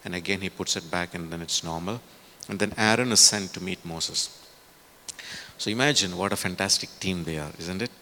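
A man's voice: low voice, moderate pace, pushed and bright, a little hiss or hum. A man preaching a sermon in a conversational way, with many fillers and tag questions.

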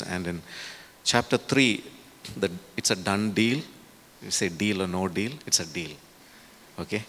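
A man's voice: deep voice, unhurried, long pauses, fairly bright tone, slight background noise. A man preaching a sermon in a conversational way, with many fillers and tag questions.

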